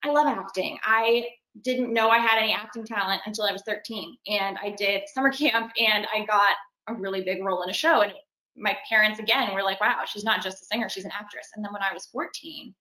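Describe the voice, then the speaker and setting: A young woman talks about her acting life in a relaxed interview, lively and quick to laugh. Her voice is bright and forward. The room around her rings with echo. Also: mid-range voice. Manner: chatty and animated, laughs while talking. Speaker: actress and singer. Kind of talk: casual interview.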